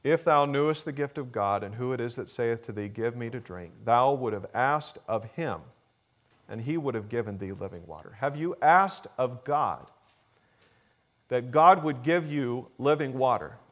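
A male pastor delivering a Sunday sermon in an earnest voice of ordinary middle pitch. He presses hard on key phrases, then lets his voice fall low and quiet. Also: lively intonation, normal speed. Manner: earnest, builds to emphatic peaks then drops low and soft; acts out a child's pleading voice in a story.

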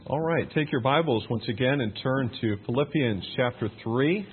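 A man's voice: mid-range voice, normal speed, slight background noise. A man preaching a plain, conversational sermon as pastor, building to emphatic points. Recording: thin phone-like sound.

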